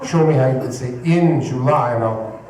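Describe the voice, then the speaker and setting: A man's voice: medium pitch, moderate pace, close to an everyday voice. Guy putting on a pompous old director, sneering and fed up, noisy echoey recording. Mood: scornful. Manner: haughty, scornful, exasperated. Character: pompous aging male film director, irritable. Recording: echoey room from a distant mic, noisy.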